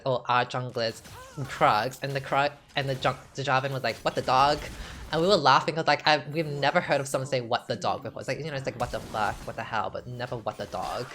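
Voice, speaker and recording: Sassy low-voiced woman streaming a game. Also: a bit bright, slight background noise. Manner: chatty, sassy, filler-heavy with lots of "like". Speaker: gaming streamer. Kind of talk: casual gameplay commentary. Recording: game music playing behind.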